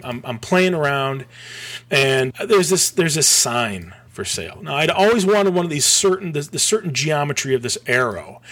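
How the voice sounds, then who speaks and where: A middle-aged man from Michigan telling a long story on a podcast as a guest, rambling and animated, with many restarts and a few swears. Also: mid-range voice. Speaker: podcast guest, graphic designer. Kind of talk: casual storytelling.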